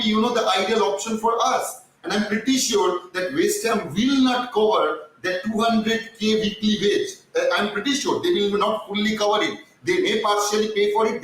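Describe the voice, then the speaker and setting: A man's voice: high voice, a bit bright, slight background noise. Man with a cracked voice, echoey room. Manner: rambling, repeats words, many fillers. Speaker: fan channel host. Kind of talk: casual live football chat. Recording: distant mic in a very echoey room.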